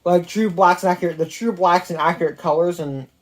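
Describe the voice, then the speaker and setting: Speaking into a phone mic with a mid-range voice and fairly even intonation, a tech reviewer offers a casual take on a product. The delivery is rambling and halting, with many restarts and self-corrections.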